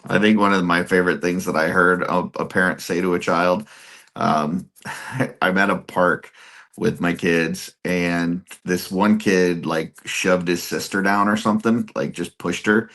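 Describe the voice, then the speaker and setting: Man, thirties, low and unhurried, giggly storyteller in a relaxed chat. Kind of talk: casual chat.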